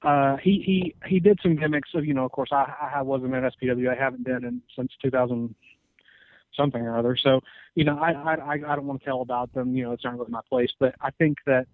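A man in his twenties, a wrestler guest on a podcast, answering casually with many halting pauses. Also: mid-range voice, fairly even intonation, no room sound. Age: 20s. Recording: tinny phone-like sound.

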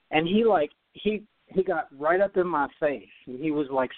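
A man, a former tennis player, telling a story as a podcast guest, animated and often repeating words as he goes. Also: on the high side, normal speed, hardly any pauses, no room sound. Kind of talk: storytelling in an interview. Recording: dry, phone-like line.

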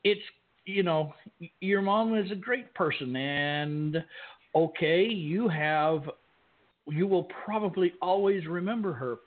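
A man's voice: sits high, slow pace. A man co-hosting a podcast, talking casually in a rambling, reassuring, joking way. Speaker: podcast co-host. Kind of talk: casual radio chat. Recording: phone-like lo-fi sound with faint music.

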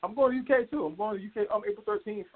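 Fast-talking eager man on a phone line. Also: high voice, a crowd in the background. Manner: eager, rambling. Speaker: podcast co-host. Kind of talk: casual chat.

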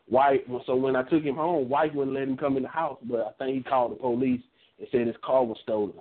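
A man co-hosting a wrestling show, telling a story in a relaxed, casual way with a Southern dialect. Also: medium pitch, fairly quick. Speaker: podcast co-host. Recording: phone-line audio.

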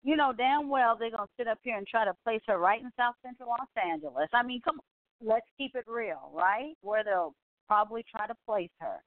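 A woman's voice: on the high side, lively intonation, a little fast, no echo. Chatty woman on a tinny line. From California. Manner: chatty, full of "you know" and asides. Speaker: host of a live online talk show. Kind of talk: casual rambling commentary. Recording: dry, tinny phone-like sound.

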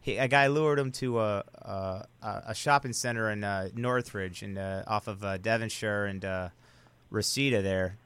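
A man's voice: lowish voice, normal speed, fairly bright tone, smooth. A man telling a story as a guest on an interview show, blunt and profane, rambling with restarts and fillers. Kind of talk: casual storytelling in a podcast interview.

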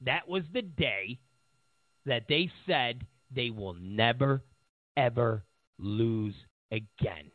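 A man delivering an animated, sarcastic political monologue as a commentator. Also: mid-range voice, slow, no echo, phone-quality sound.

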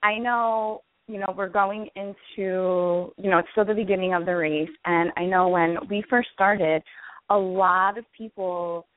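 A woman's voice: mid-range voice, fairly even intonation, a little slow, no room sound. A woman from northern New Jersey, a guest on a call-in interview, easygoing and agreeable. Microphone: phone. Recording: tinny phone line.

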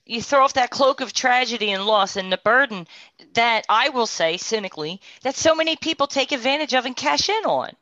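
A woman sharing a heartfelt personal testimony, moving between hushed, tearful moments and animated, laughing bursts. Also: on the high side, a little fast, no echo. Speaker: guest sharing a personal story. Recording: dry, dull lo-fi sound.

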